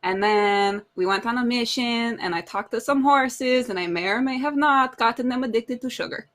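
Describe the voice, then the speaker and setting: Bright-voiced woman player. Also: on the high side, moderate pace. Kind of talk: casual chat.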